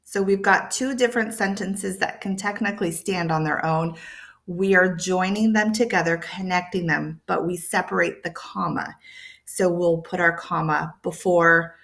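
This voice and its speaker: Bright, lively woman teaching English. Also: on the low side, moderate pace, creaky. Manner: lively, playful emphasis with sound words; patient, repeats key points. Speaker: English teacher for ESL learners. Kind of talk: explaining lesson to camera.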